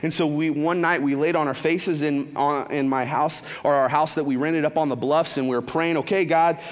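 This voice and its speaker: A man giving a casual, animated testimony at a church, full of slang asides and quick restarts. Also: a little high. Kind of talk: sermon testimony storytelling. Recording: long reverb of a large hall.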